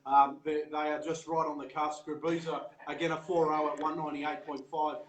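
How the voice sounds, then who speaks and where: An Australian host hypes up a race event, talking in a higher register and heaping on praise. His voice rings with an echoey sound at the live venue. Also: little pitch movement, a little fast. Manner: hyped, full of praise, says "mate" often. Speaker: show host.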